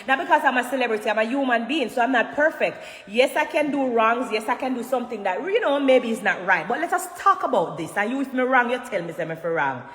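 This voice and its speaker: A Jamaican woman speaks to her fans in a high voice, emphatic and animated, often rising to loud bursts. Her phone sits in a room that echoes with a long reverb trail. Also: quick pace, few pauses. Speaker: dancehall artist addressing fans. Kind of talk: casual livestream talk. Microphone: phone livestream.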